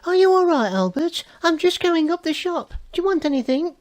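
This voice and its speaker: A man doing a nosy high-voiced neighbour woman. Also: sing-song, brisk. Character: chatty middle-aged woman neighbour Raquel.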